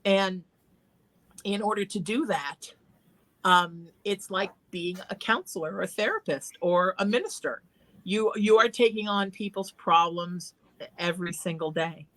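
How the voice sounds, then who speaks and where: A woman's voice: medium pitch, measured pace, fairly bright tone. A woman hosting a call-in talk show, giving earnest, encouraging advice in a conversational way. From Irish heritage. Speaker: psychic talk show host.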